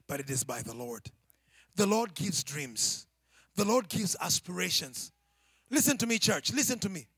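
A man preaching a sermon to his church, swinging from shouted climaxes to hushed, near-whispered asides. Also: high-pitched, no room sound, clean studio sound.

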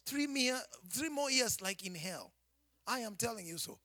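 A man with a Kenyan accent, a preacher giving a personal testimony with dramatic storytelling that swings from hushed to shouting. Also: very high-pitched, lively intonation, moderate pace, dry recording, studio quality.

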